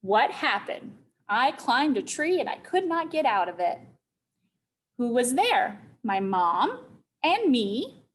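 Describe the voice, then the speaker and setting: Woman teacher reading aloud to small children. Slow, expressive delivery with lots of melody. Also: a little high, poor audio. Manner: slow, deliberate, checks in with listeners. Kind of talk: storytelling to young children.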